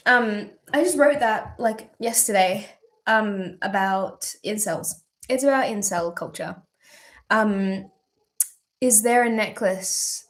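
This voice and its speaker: Chatty young Australian woman, bright voice. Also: fairly high pitch. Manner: chatty, rambling, frequent ums, swears casually. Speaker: musician hosting a birthday livestream. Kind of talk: casual chat reading viewer questions.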